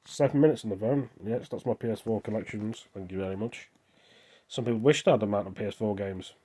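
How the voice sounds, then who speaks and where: Talking fast in a low, dark, slightly rough voice, this Englishman vlogs into his phone camera. His casual monologue rambles, jumping between subjects.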